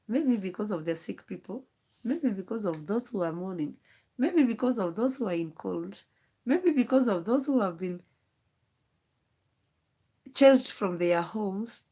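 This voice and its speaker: A woman talks into her phone on a late-night livestream. She speaks at a middle pitch, and her thoughts wander and turn emotional as she rambles on to her viewers. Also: mellow. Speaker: vlogger. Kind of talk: late-night live stream monologue.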